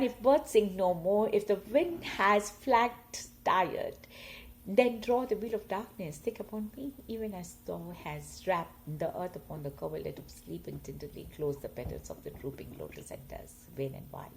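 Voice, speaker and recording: A woman reading poems aloud, slow and expressive, her loudness swelling and fading with the lines. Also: fairly low pitch, creaky, slight background noise, rough recording. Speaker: poetry reader. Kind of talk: poetry reading.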